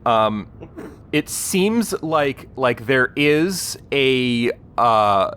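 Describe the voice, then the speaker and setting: A man running a tabletop game at an unhurried pace, his voice sitting at a middling pitch. He describes the scene haltingly, pausing on fillers as he works things out. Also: expressive, a bit bright, clear, resonant tone. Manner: halting, hesitant with many fillers. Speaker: game master.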